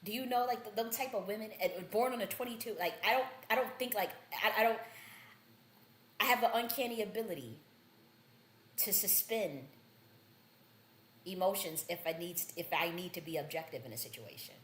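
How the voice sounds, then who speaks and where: A woman's voice: medium pitch, normal speed, pauses often, a bit bright, reverberant. A woman hosting a livestream, talking in a blunt, profane, rambling way with many restarts. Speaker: livestream host.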